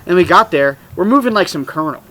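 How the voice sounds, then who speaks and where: A man's voice: high-pitched, animated, quick pace, sharp tone, slight background noise, low-quality recording. Laid-back, rambling young man. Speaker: podcast host. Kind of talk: casual storytelling.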